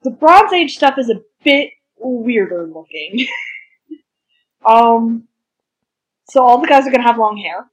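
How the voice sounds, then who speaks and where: A woman's voice: fairly high pitch, animated, unhurried, pauses often, slightly rough, rough recording. A woman co-hosting a podcast, chatting casually and enthusiastically about history and stories, with crude humor. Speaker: podcast co-host. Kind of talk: casual chat.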